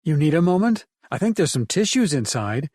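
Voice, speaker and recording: A man's voice: fairly high pitch, big pitch swings, moderate pace, no echo, clean studio sound, pitched above the performer's own voice. A man voicing a bold, playful woman who teases her companion in an audiobook. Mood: teasing. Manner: playful and teasing. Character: adult woman, teasing, bold, caring. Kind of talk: audiobook narration.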